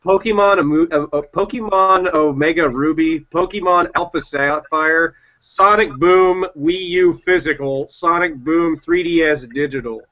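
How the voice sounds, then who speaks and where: A man's voice: fairly high pitch, a little slow, few pauses, bright, forceful tone. A man from Mexico chatting casually on a stream, joking and swearing casually. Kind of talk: casual group chat on a livestream. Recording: dull lo-fi voice chat audio.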